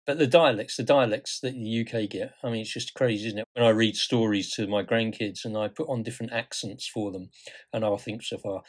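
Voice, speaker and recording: An older man from the UK, co-hosting a casual chat and talking with lively rises in pitch and volume for emphasis. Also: a little fast, breathy edge. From United Kingdom. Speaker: podcast co-host. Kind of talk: casual conversation.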